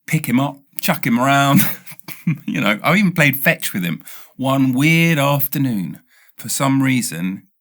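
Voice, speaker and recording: A British man in the middle of a long comic anecdote, rambling and animated, tripping over his words and restarting. His voice sits at an ordinary middle pitch for a man, and he jumps up high when he gets excited. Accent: British English. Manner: rambling, animated, self-interrupting with stutters. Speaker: podcast host. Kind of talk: casual comedic storytelling.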